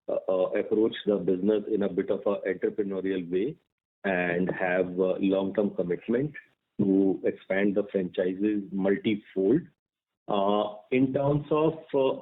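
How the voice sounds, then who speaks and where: Hesitant executive man on a phone line. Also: fairly low pitch. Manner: hesitant, many fillers. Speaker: company executive on earnings call. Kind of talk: conference call answers.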